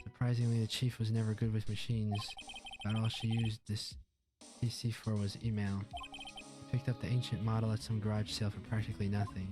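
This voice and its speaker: A man's voice: on the low side, flat delivery, brisk, lightly acted. A man voicing a young male defense lawyer who narrates in a plain, matter-of-fact way, over game music.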